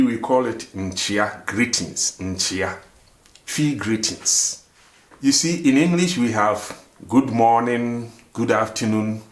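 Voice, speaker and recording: A man, hosting a language lesson. He repeats phrases and keeps asking rhetorical "what?" questions before he gives the answer. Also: mid-range voice. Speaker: language teacher, show host. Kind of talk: language lesson, slow and repetitive.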